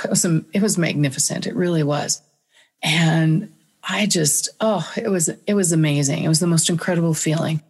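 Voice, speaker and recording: Low-voiced woman telling a dramatic story. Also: a little mellow, breathy edge. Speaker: guest speaker. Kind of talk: telling a personal story in an interview.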